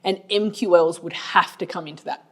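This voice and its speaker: An Australian woman with a somewhat low voice chats casually on a business podcast. She is blunt and colloquial, and she strings her advice into stories. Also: fairly even intonation, brisk, fairly bright tone. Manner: chatty storyteller, blunt and colloquial. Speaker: marketing agency owner and podcast co-host.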